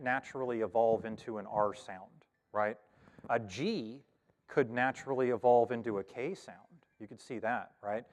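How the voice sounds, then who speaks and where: A man's voice: mid-range voice, long reverb tail. A man from the Cherokee Nation in Oklahoma, teaching a casual scripture lesson in a church, talking it through with lots of ums and restarts. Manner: conversational, thinks aloud with many fillers and restarts. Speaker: Bible study teacher.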